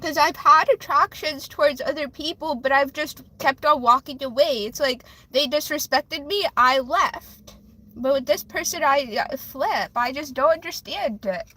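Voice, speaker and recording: High bright-voiced woman ranting on a livestream. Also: moderate pace. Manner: rambling, emotional, talks straight to viewers. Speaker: livestream host doing card readings. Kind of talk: casual livestream chat.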